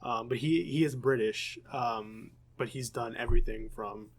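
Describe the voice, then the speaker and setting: A man's voice: mid-range voice, moderate pace, breathy edge. A young American man co-hosting a casual podcast. He rambles along in an ordinary middle-range voice, correcting himself mid-sentence and scattering ums through his talk. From United States. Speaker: podcast co-host. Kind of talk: casual chat.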